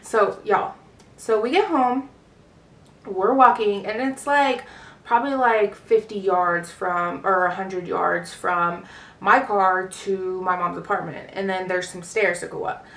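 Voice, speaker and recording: A woman's voice: mid-range voice, fairly even intonation, unhurried, fairly bright tone, distant mic. Brief: woman in her 20s, casual storytime vlogger, rambling with fillers, roomy echo, mic set back. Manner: rambling, lots of fillers and swearing.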